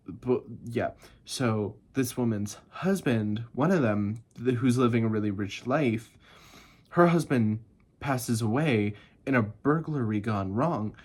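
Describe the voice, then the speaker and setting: A book reviewer of medium pitch chats casually about books he loved. He gushes excitably, laughing and swearing a lot, though he sounds a bit tired.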